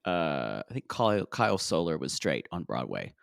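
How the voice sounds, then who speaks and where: A man's voice: rumbling low, very animated, moderate pace, creaky, no room sound, clean studio sound. A man co-hosting a podcast in casual, giggly chat, often trailing off with fillers. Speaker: podcast co-host. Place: studio in Los Angeles.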